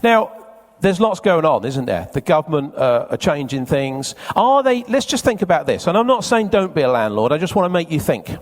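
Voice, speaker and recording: A man's voice: fairly high pitch, big pitch swings, normal speed, hardly any pauses. A man speaking live to an audience at a seminar, chatty and teasing, quizzing the crowd. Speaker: event speaker. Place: conference hall with a live audience. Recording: long reverb of a large hall.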